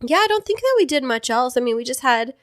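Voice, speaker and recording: A woman's voice: high-pitched, big pitch swings, fast talker, no room sound, studio quality. A woman co-hosting a podcast, chatting casually and in an upbeat way. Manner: upbeat, laughs easily. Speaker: podcast co-host. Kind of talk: casual chat.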